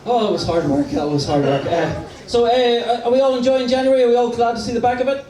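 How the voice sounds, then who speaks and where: A man's voice: very high voice, fast, dark tone. A male stand-up comedian doing a live set, chatty and teasing as he works the crowd. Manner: cheeky, chatty, teasing the audience. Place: live comedy venue stage. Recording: roomy distant live room with crowd noise.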